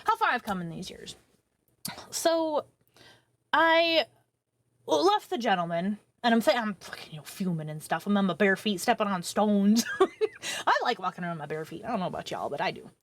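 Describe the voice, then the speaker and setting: A woman in her thirties, a streamer telling a long personal story to her viewers in a profane, rambling, animated way. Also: medium pitch, moderate pace, long pauses, dry recording. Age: 30s.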